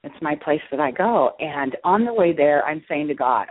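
Middle-aged woman, author guest, animated storyteller, heard over a dry phone line. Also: low-pitched, moderate pace, hardly any pauses, no echo. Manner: lively, acts out her own reactions. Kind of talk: casual storytelling in an interview.

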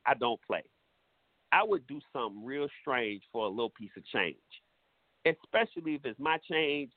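A man's voice: mid-range voice, no echo. A man hosting a talk show, giving blunt, profane advice in a preachy, casual monologue. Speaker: radio show host. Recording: tinny phone-like sound.

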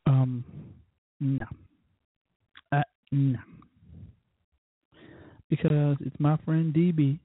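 A man's voice: mid-range voice, fairly even intonation, a little slow, pauses often, no room sound. A man hosting his own show, ranting bluntly and cussing about people he finds ridiculous. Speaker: podcast host. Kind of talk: profane casual monologue rant. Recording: tinny phone-like dry audio.

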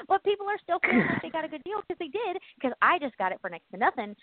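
A woman's voice: very high voice, very animated, quick pace, hardly any pauses, no room sound. Bubbly woman on a tinny phone line. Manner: bubbly, laughs often, rambling. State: stressed and exhausted. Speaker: co-host. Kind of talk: casual chat.

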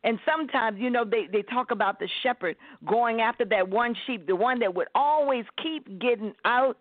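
Woman pastor, measured and affirming, dry tinny phone-line sound. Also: a little high, no room sound. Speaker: pastor, co-host. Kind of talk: phone-line sermon dialogue.

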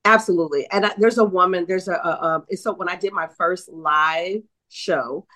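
A middle-aged New Orleans woman, both psychic medium and author, tells stories as an interview guest, acting out what people said and sprinkling in "right?" again and again. Her voice is on the low side, at a moderate pace.

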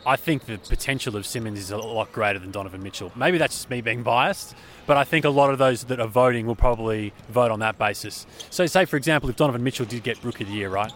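A man with an Australian accent, a sports journalist chatting as an interview guest at an arena, talking in an animated way with plenty of fillers. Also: medium pitch, fast, slight background noise. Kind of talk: casual interview chat. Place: sports arena after a game.

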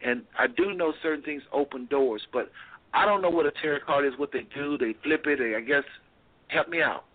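A man's voice: on the high side, fairly quick. A man hosting a talk show, speaking colloquially and thinking aloud as he questions a guest. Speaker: host. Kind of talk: casual talk show on deliverance. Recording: tinny phone line.

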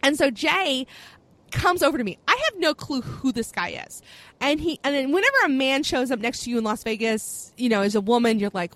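A young adult woman, a podcast host, telling a long story in casual chat, animated and full of fillers. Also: on the high side, fairly quick, no echo. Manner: chatty, animated storyteller with frequent fillers and laughs. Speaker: podcast host, being interviewed.

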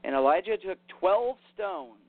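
A man's voice: high-pitched, animated, a little slow. Man preaching casually over a tinny line. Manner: conversational, paraphrases scripture with "basically" and "you know". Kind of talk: casual sermon with scripture reading. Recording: tinny phone-like sound.

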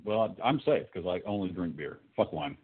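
A man co-hosting a podcast, tossing out dry, deadpan crude wisecracks. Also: low voice, normal speed, husky. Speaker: podcast co-host. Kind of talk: crude casual banter. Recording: tinny phone-like sound.

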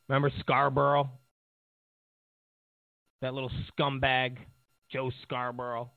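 A man's voice: mid-range voice, little pitch movement, unhurried, pauses often, no room sound. A male talk show host giving sarcastic political commentary, rambling with lots of fillers. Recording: tinny phone-like line.

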